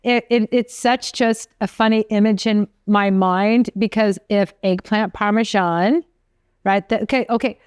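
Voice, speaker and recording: Woman chef, podcast co-host, chatty rambling storyteller, smooth crisp voice, dry close mic. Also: mid-range voice, measured pace, no room sound. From from an Italian American family. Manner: chatty, animated storyteller, trails off mid-sentence. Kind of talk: casual chat.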